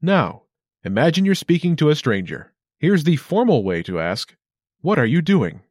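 A man hosting a short language lesson, reading scripted narration with a clear, upbeat instructional delivery. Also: on the high side, sing-song, normal speed, a little mellow, no room sound, studio quality.

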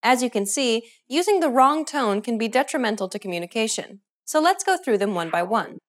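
Lively-voiced woman teaching a lesson. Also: fairly high pitch. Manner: clear, measured instructional delivery. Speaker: language teacher. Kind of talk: scripted lesson narration.

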